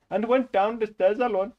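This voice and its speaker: A man's voice: high-pitched, creaky, dull audio, pitched above the performer's own voice. A man reading book narration in a put-on Indian accent, in a theatrical, sing-song way. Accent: put-on Indian English.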